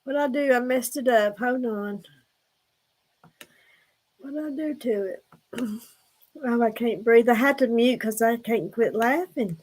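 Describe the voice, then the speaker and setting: A woman, hosting a casual live stream, hoarse and breathless from laughing, chatty and a bit scattered. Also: fairly high pitch, measured pace, pauses often, a little mellow. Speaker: livestream host. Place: room at home.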